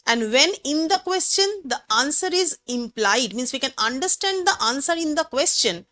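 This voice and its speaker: A woman teacher with an Indian English accent talks through a poem in a high, bright voice that swings widely up and down. She explains slowly and repeats phrases for emphasis. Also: lively intonation. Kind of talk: classroom poetry lesson.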